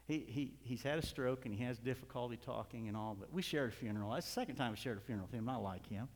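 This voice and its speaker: A middle-aged man preaching a sermon as a pastor, moving from soft asides to loud, fervent outbursts, with small chuckles between points. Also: mid-range voice, fast talker. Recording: reverberant hall.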